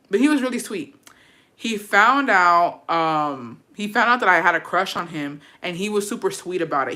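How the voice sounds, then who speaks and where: A woman's voice: on the low side, bright, forceful tone. A young woman vlogger telling a personal story in a casual, chatty way, swearing freely and turning aside to address her viewers.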